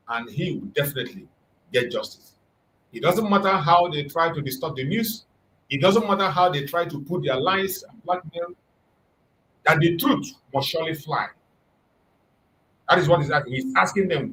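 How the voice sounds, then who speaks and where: A man delivers fervent commentary in a fairly high voice, repeating phrases for force. A faint hiss sits under his voice. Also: lively intonation, moderate pace, fairly bright tone. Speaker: online commentator. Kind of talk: impassioned live commentary.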